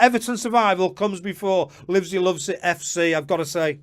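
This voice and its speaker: A man hosting a live fantasy football stream, chatting to viewers by name with quick apologetic asides. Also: high-pitched, steady tone. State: slightly out of breath. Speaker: host.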